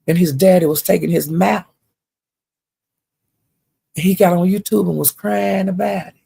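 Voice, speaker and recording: An older woman telling a story in a loud, profane, animated casual rant. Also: on the low side, moderate pace, gravelly, breathy edge.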